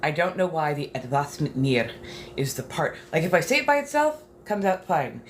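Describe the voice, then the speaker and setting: A woman chatting softly as an ASMR creator at home, musing unhurriedly and practicing phrases aloud. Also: deep voice, big pitch swings, normal speed, a little hiss or hum. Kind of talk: soft-spoken ASMR chat. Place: home apartment.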